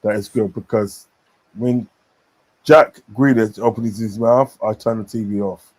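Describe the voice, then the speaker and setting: A man hosts a casual football stream, giving blunt opinions and reading out comments. His voice sits on the low side and has a dark, mellow tone. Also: steady tone, unhurried, low-quality recording. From English Midlands. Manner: blunt, opinionated, reads viewer comments aloud. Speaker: stream host. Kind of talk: casual live stream chat.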